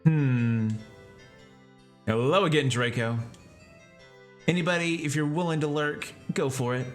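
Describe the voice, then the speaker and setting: A Texan streamer and voice actor chats casually about voice acting, rambling as he explains things and answers his viewers. His voice sits on the high side, he talks a little slowly, and soft music plays in the background.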